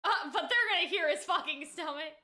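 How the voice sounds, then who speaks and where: A young woman chatting casually while reacting to a cartoon episode, excitable and squealing over cute animals. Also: very high-pitched, brisk. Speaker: reaction streamer.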